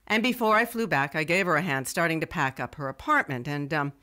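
A wry young radio writer. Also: female voice, low voice, brisk, sharp tone. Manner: wry, digressive storytelling. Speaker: first-person narrator. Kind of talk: scripted first-person narration.

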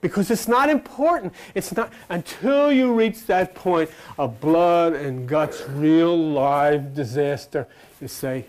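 A man preaching an informal sermon in a folksy, animated storytelling way, acting out characters and croaking like a frog. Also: slow pace. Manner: animated, folksy storytelling with sudden pitch swings; mimics frog croaks and plays out quoted characters.

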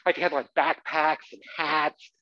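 With a voice that's a little high and a pace that's a little slow, a man gives a playful, comic stage monologue about his life in a theatre. He coaxes the audience to join in and bursts into loud shouts, and the live recording sounds dull and lo-fi.

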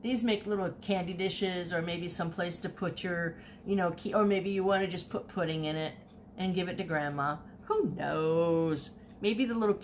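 A woman with a lowish voice talks over a little hiss or hum in a casual haul video. As an online reseller showing thrift finds, she chats animatedly and often repeats herself while telling a story.

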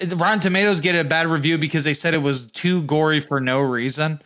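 Profane joking man, bright voice. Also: fairly high pitch, fast talker. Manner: crude, profane, jokey. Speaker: podcast co-host. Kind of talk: casual banter.

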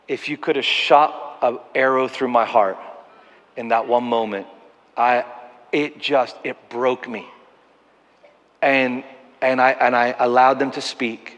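A man's voice: mid-range voice, steady tone, slow, long pauses, a bit bright, in a large hall. A man preaching a sermon as a pastor, earnestly telling stories with self-deprecating humor. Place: church auditorium.

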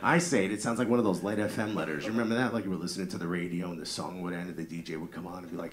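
A man's voice: low-pitched, fast, very noisy. A man in his thirties with a New Jersey accent, doing a brash, profane stand-up set and riffing with the crowd in a live comedy club. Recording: live club audio with loud crowd laughter. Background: crowd laughing.

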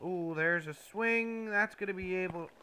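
A man giving mock play-by-play commentary over a baseball video game, with sudden loud bursts of excitement. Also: high voice, moderate pace, a little hiss or hum.

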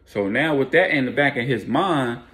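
A man's voice: mid-range voice, animated, normal speed, fairly bright tone. A man casually narrating a street story in laid-back slang with fillers.

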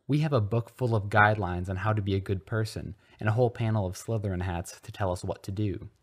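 A man voicing an excitable, boastful schoolboy who pushes his beliefs loudly and insistently. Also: lowish voice, fast, natural voice. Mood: excited pushy. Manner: eager, loud, insistent.

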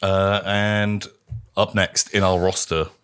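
A man's voice: low-pitched, little pitch movement, slow pace, a bit bright, clear, resonant tone. A man hosting a tabletop role-play as its keeper, with a theatrical, enthusiastic delivery. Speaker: game keeper and host. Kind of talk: scripted intro then hosting a tabletop game.

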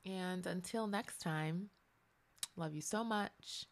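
A woman talks through a spiritual reflection at an unhurried pace. She is gentle and earnest and often repeats a phrase to let it land. Her low voice carries a gravelly edge. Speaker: host of a reflection channel.

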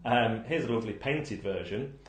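A board game channel host counts down games in a fairly low, lively voice at moderate pace, with a reverberant sound. He reads reviews aloud and answers them wryly with dry jokes and puns, swinging between humor and mock outrage.

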